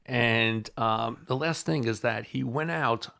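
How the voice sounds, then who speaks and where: A man with a mid-pitched voice co-hosts a casual talk show. He agrees readily and moves the talk along to new topics. He leads the questions for the others. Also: slow pace, creaky, sharp tone. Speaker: co-host. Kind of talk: casual chat.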